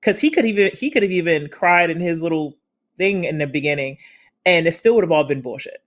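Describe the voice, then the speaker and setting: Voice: medium pitch, lively intonation, fairly quick. A co-host on a casual film review podcast, thinking aloud carefully and restarting sentences often. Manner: thoughtful, hedging, many restarts mid-sentence.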